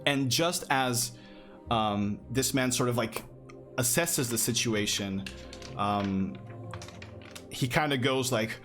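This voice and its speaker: A man's voice: medium pitch, takes it slowly, a bit bright, faint music behind. A man narrating a tabletop fantasy game as game master in a loose, casual storytelling manner.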